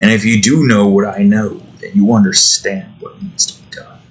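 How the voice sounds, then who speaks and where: A man's voice: fairly low pitch, little pitch movement, moderate pace. A tired man rambling and grumbling to himself in casual commentary while he builds a game. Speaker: game developer vlogger.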